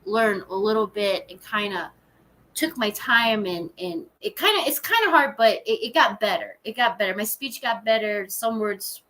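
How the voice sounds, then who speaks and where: An American actress and writer is a guest in a casual interview, bubbly and laughing often, with many fillers as she restarts her sentences. Her mid-range voice is animated and sharp-toned, at a moderate pace with hardly any pauses.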